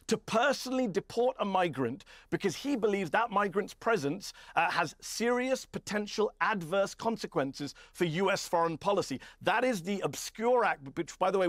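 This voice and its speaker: Fields: man, insistent debater, high voice. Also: dry recording, studio quality. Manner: insistent, cuts in, repeats points forcefully. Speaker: journalist. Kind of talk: heated televised debate.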